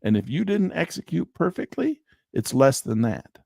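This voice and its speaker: A man's voice: a little high, wildly swooping pitch, moderate pace, creaky, dark tone, breathy edge, no room sound, studio quality. A man teaching chart trading on a screen share, talking emphatically with rhetorical asides. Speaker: trading instructor.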